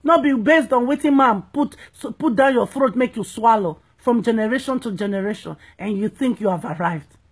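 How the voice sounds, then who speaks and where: A woman's voice: fairly high pitch, moderate pace, slightly rough. A woman evangelist, preaching emphatically and playfully, often checking that listeners understand. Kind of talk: preaching talk.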